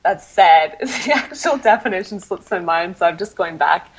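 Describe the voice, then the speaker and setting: A woman's voice: lowish voice, expressive, normal speed, highs cut off. A woman copywriter answering interview questions, laughing often and apologizing for herself, with many ums. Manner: self-deprecating, laughs often, many fillers.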